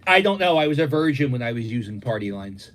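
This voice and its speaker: A middle-aged Philly host talks quickly on a home livestream from his dining room, his medium-pitched voice very animated and fairly bright. Rambling through casual stories, he lets his voice leap up and down and acts out characters' voices.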